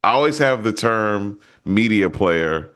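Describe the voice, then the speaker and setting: A man with a fairly low voice chats on a movie podcast. He rambles through his story and often restarts his sentences. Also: animated, measured pace, a bit bright. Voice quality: rambling, many restarts and fillers. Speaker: podcast co-host. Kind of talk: casual movie podcast chat.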